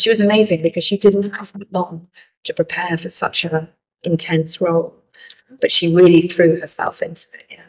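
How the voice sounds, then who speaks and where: Husky-voiced woman director, halting and thoughtful. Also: low-pitched, low-quality recording. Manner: thoughtful, hesitant with restarts. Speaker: film director. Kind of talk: festival interview.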